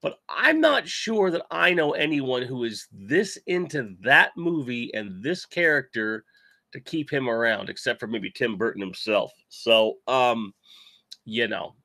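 Gravelly-voiced man hosting a toy stream. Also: medium pitch, expressive, measured pace, bright, forceful tone, dry recording, clean studio sound. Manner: rambling, self-deprecating, reads chat aloud. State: recovering from covid, sick voice. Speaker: toy channel host. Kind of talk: casual live-stream chat.

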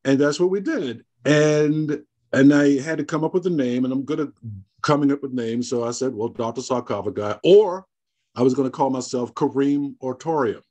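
Casting: man, Southern roots, animated storyteller with bursts of laughter, middle-pitched voice. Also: moderate pace. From American South. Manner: animated storyteller, laughs often, acts out quoted dialogue. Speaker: guest, horror host. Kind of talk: casual interview storytelling.

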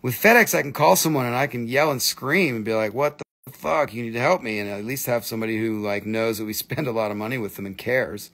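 A man hosting a live crystal sale, chatty and excitable, with crude jokes and non-native phrasing. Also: mid-range voice, quick pace, hardly any pauses. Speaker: live-stream crystal seller. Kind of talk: casual live sales chat.

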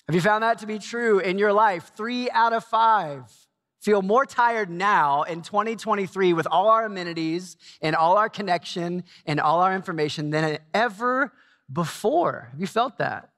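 A man in his forties preaching a sermon in a church, telling a self-mocking story with lively energy. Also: high voice. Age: 40s. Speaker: pastor. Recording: long hall reverb.

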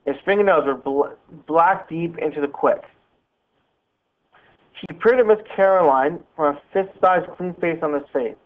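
Male teacher narrating a novel, steady and plain, slightly high, phone-line sound. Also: a little slow. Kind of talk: reading a novel aloud.

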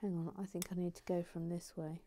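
A woman's voice: on the low side, little pitch movement, a little fast, noisy background. A woman hosting a building stream, chatting casually and with self-mockery as she reads viewer comments, often dropping to a whisper while she concentrates.

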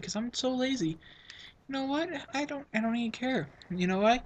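A man's voice: very high-pitched, animated, normal speed, a little hiss or hum. A teenage boy giving rambling, self-mocking commentary over his own gameplay, sniffling from a runny nose. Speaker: gaming channel host.

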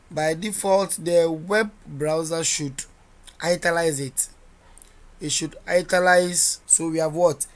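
Slow, unhurried coding teacher walking through the editor step by step, keeps asking "what?" to quiz you. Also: medium pitch. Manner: quizzes listeners with rhetorical "what?" questions; narrates each editing step as they go. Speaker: coding instructor. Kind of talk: screen-recorded coding tutorial.

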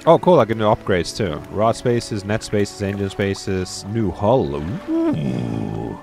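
A man giving loud, excitable gameplay commentary that swears and shouts when something startles him. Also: lowish voice, measured pace, over music. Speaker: gameplay streamer.

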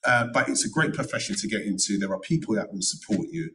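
A middle-aged man with a lowish voice speaks on a panel at a careers event. He gives earnest, emphatic advice and drives points home by repeating them. He is picked up from a little way off the microphone, so the voice sounds distant in the room. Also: quick pace, background noise. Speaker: panel speaker, notary and former solicitor.

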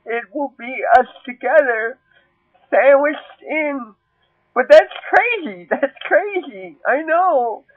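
A man voicing a nervous, cat-obsessed teenage girl puppet who talks haltingly and keeps welling up into tears. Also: very high-pitched, expressive, dry recording, heavily acted. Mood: tearful gushing. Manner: halting, full of ums, breaks into tearful gushing. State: tearful. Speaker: puppet character. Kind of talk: comedic puppet monologue. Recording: tinny phone-like dry sound.

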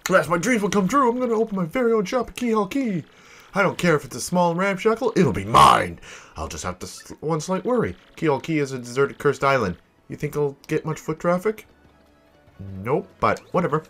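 Excitable shopkeeper, voiced by a man: quick, high-pitched, animated. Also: faint music behind. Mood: excited. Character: excitable male would-be shopkeeper.

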